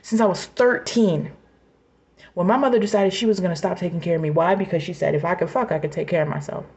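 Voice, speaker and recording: Speaking very fast in a fairly low, slightly mellow voice, a twenty-something woman vlogger pours out an angry, emotional rant. She's raw and swears a lot, at times sinking to a whisper.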